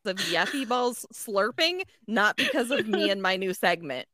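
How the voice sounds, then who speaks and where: A woman's voice: mid-range voice, very animated, normal speed, bright, forceful tone, no room sound, clean studio sound. A woman co-hosting a casual podcast, chatty and playful as she recounts things. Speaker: podcast co-host.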